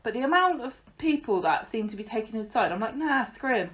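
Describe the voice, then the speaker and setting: A woman's voice: on the high side, very animated, fast talker, fairly bright tone. A woman co-hosting a podcast, recapping a soap in casual, sarcastic chat. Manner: sarcastic, chatty recapping with laughs. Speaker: podcast co-host.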